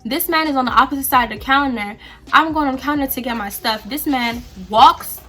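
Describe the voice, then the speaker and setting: A woman's voice: high-pitched, brisk, sharp tone. A young woman vlogger animatedly telling a storytime while getting ready, acting out the quoted lines. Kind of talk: storytime while doing her hair.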